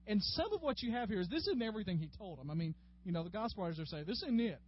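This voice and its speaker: A man leads a Bible class in a chatty, folksy way, his voice sitting fairly high for a man. The recording is dull and lo-fi, with a faint hum in the room behind him. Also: animated, very fast. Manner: folksy and chatty, addressing class members by name. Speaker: Bible study teacher. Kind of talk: conversational Bible class teaching. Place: classroom with a group.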